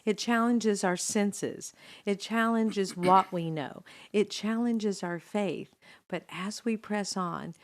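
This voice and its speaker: A woman leading an interview at a church, framing the story in an earnest, preacher-like way. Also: lowish voice.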